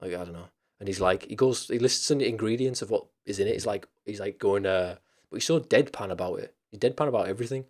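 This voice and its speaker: Rambling low-voiced man chatting casually. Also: fast talker, a little mellow. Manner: rambling and loose, with many fillers and restarts; swears casually. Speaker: video creator hosting a chat stream. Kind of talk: casual livestream chat.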